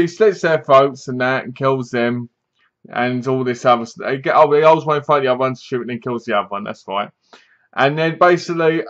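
A young man talks through a film in a loose, rambling review, often stopping to correct himself. His voice sits at an ordinary middle pitch. The recording is dull and lo-fi, like a simple home setup. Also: a bit bright. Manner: rambling, self-correcting, acts out characters' lines. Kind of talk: casual spoken film review.

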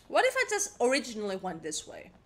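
This young streamer's voice sits a little high and sounds a bit bright as she gives laid-back let's-play commentary, hopping from thought to thought and teasing herself.

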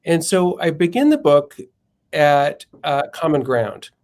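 With a slightly high, sing-song voice that's a little slow and mellow, this philosopher and author tells stories on a podcast. He speaks thoughtfully, sometimes stopping to find his words.

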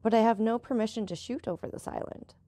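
A woman voicing an eager, quick-tempered young gentleman traveler who keeps asking questions. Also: a little high, dry recording, voice pushed up, natural voice.

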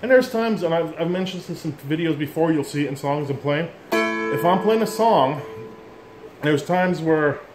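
A man's voice: on the high side, lively intonation, moderate pace. A middle-aged man giving a casual music lesson, explaining bluntly and rambling, calling himself an ass for it. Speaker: instrument teacher. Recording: echoey room with instrument playing.

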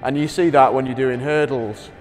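Coach, steady mid-pitched voice. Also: male voice, normal speed. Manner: constant affirming "yeah", explanatory. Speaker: strength and conditioning coach. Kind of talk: coaching interview chat. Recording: reverberant space with faint music.

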